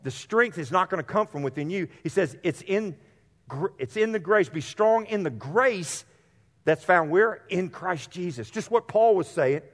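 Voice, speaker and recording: Male pastor, sermon delivery, earnest and direct with his congregation, somewhat high voice, heard in a reverberant sanctuary. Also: animated, normal speed. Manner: earnest, addresses congregation directly, repeats phrases for emphasis. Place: church sanctuary. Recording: long hall reverb.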